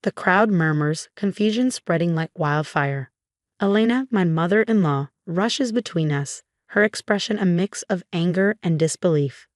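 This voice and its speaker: Low-voiced woman narrating a story. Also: normal speed, no echo, studio quality. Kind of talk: scripted first-person story narration.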